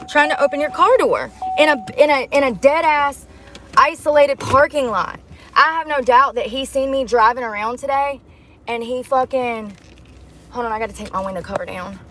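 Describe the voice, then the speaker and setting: Sitting in her car at night, a woman vlogger rants angrily and bluntly to the camera, swearing often. Her voice is a little high, and there's a slight hiss or hum on the recording.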